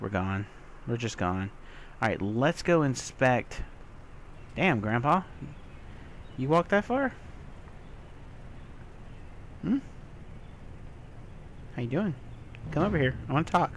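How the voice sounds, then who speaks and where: A man casually commenting on his own gameplay as a let's play host, muttering to himself, swearing and breaking into loud excited yelps. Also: medium pitch, slow, pauses often, a little hiss or hum. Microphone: desktop mic with software trouble.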